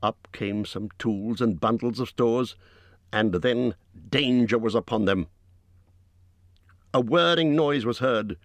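A man reading an audiobook in measured, dramatic storytelling, recorded on a close studio mic. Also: medium pitch, no echo. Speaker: audiobook narrator. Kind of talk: scripted audiobook narration.

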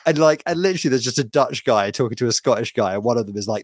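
A man co-hosting a casual podcast chat, rambling and animated, acting out quotes as he tells stories. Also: mid-range voice, rapid-fire, no room sound. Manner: rambling, animated storyteller who acts out quotes. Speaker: podcast co-host.

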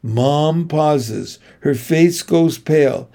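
A man giving a measured, steady first-person audiobook narration. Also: on the high side.

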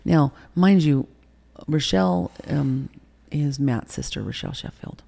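Woman, 60s, gravelly, mellow tone, candid storyteller, whispers quoted lines. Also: extremely low pitch, lively intonation, a little slow. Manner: reenacts conversations, dropping into whispers. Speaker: interview guest. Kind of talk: candid storytelling in a podcast interview.

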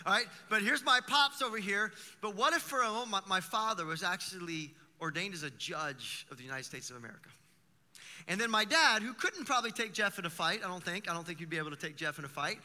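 A man preaching a sermon as pastor, talking in an animated, conversational way with vivid everyday examples. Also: sits high, fast talker, long reverb tail.

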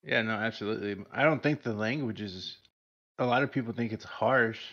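A man co-hosting a casual podcast chat in a relaxed way, his voice often dropping to a low murmur. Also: a little fast, dull audio. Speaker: podcast co-host.

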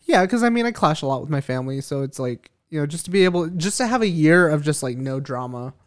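Young dude on a podcast, kinda high voice, super chill, swears a bunch. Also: male voice, animated, quick pace, clear, resonant tone. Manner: laid-back, swears freely, says dude and like a lot. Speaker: podcast guest. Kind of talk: casual chat.

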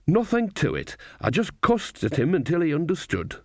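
Guy doing a jolly old witch lady, bold and gleeful, mangles foreign words, kinda higher voice. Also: huge pitch swings, moderate pace, a little mellow, dry recording, studio quality. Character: cheerful earthy old witch woman, gleeful.

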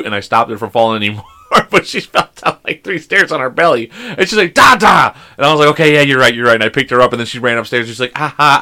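A man in his thirties who hosts a podcast, telling stories in a lively, animated way and swearing a lot. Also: medium pitch. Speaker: podcast host. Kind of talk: casual podcast chat.

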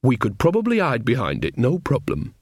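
A rambling, folksy old witch woman, as a male reader puts her on, chatty and a bit coarse. Her voice sits higher than the reader's own and swings about in pitch. It is recorded dry and close, as in a storybook reading. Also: wildly swooping pitch, a little fast, slightly rough, no echo, heavily acted. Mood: gossipy, flustered.

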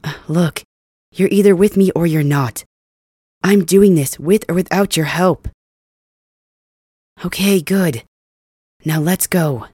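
A woman's voice: fairly low pitch, slow pace, long pauses, husky, no echo, studio quality. A woman speaking urgently and with determination to the listener in an ASMR audio role-play. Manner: urgent, determined, hushed at times.

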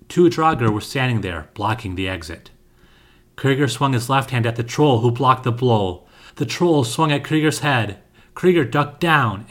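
A man narrating a scripted fantasy story with a steady, dramatic reading. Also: medium pitch.

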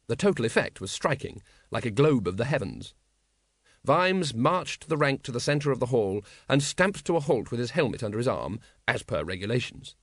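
Man reading a comic fantasy audiobook, wry and measured, very lively pitch, dry close sound. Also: no echo. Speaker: audiobook narrator. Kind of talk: scripted narration.

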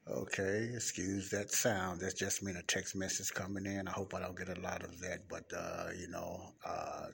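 A man giving an informal podcast Bible teaching in a library study room, rambling and repeating himself while keeping his voice low, close to the mic. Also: flat delivery, normal speed, creaky. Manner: rambling, repeats and restarts words, talks low and quiet. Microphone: speaking close to the mic. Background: faint passing traffic.

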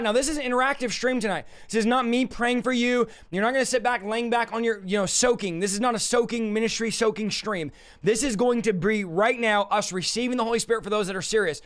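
A man preaching and leading prayer on a livestream, urgent and exhorting, his voice hoarse and his throat scratchy. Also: very high voice, fairly bright tone.

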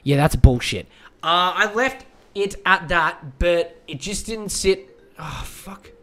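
A man's voice: sits high, lively intonation, slow pace, bright, forceful tone, soft background music. A man hosting a casual solo podcast, reading out a listener's letter and giving blunt, profane advice in a rambling way.

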